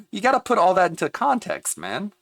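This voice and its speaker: A man streaming, reacting to a video with animated, exasperated commentary, laughing often and swearing. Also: high-pitched, creaky, no echo.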